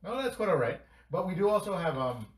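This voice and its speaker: A man's voice: sits high, big pitch swings, fast talker, distant mic, slight background noise. A man hosting a podcast and taking calls, upbeat and steering the chat. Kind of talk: casual chat. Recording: roomy.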